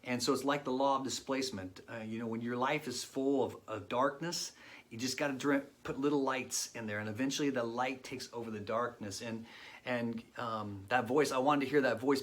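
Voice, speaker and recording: A man in his late forties telling his personal faith testimony in an earnest, reflective way, pausing often. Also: mid-range voice, fairly bright tone. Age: 40s. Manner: earnest and reflective, with pauses and fillers. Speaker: guest sharing his testimony.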